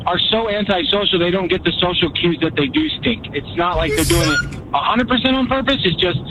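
High-voiced man calling in over a noisy line. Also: fairly quick. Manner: rambling, hesitant with many fillers. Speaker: caller. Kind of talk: casual call-in chat. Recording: muffled phone-in line with noise.

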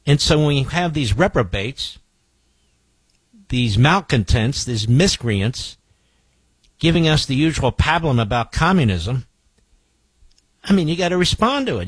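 A man's voice: mid-range voice, breathy edge, no echo. A man hosting talk radio, pressing his points with insistent rhetorical questions. His voice sits in a middle register and sounds close and dry, with no room around it. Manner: combative, emphatic, rhetorical questions. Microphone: studio microphone.

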